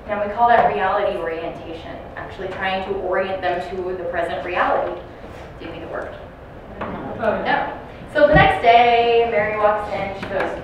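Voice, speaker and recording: A woman with a medium-pitched, steady voice gives a training talk to caregivers in a large room, speaking at a normal speed. She tells stories and puts questions to the audience. The noisy recording sounds distant and echoey.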